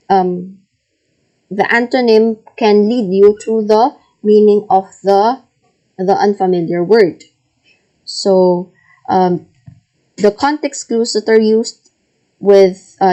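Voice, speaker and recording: A woman's voice: mid-range voice, dark tone, rough recording. A woman teaching a recorded reading lesson, patiently reading out word lists and checking answers. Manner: slow, patient, repeats and models each word.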